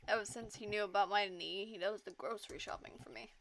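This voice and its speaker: A woman's voice: mid-range voice, fast talker, fairly bright tone, slight background noise, close to an everyday voice. A woman reading the lines of a kindly old man with a bad knee in a story game, in a folksy manner, barely changing her own voice. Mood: fond.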